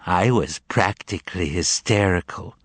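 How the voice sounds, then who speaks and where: A man's voice: sits low, a little slow, no echo. A man voicing a boastful, cheeky giant male cat in an audiobook. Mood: cocky. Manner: cocky, teasing, then meek. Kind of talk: audiobook character voice.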